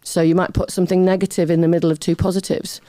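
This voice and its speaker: A middle-aged woman with a warm, mellow voice spins one funny story after another as an interview guest. Her delivery is chatty and self-mocking, and she laughs easily between lines. The sound is close and dry, with no room in it. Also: lowish voice, fast talker, no echo. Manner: chatty, animated anecdotes with laughter; self-deprecating humor.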